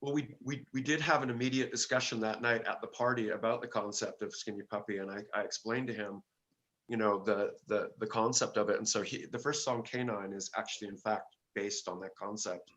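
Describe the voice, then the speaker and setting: An older man, a guest musician, telling stories in a casual interview, halting and full of fillers and restarts. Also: on the low side, fairly even intonation, a bit bright.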